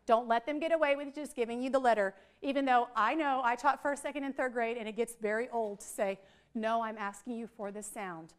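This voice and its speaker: A middle-aged woman, leading a lively, chatty teacher training workshop for a group in a training room. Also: a little high, a little fast, clear, resonant tone. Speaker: literacy trainer.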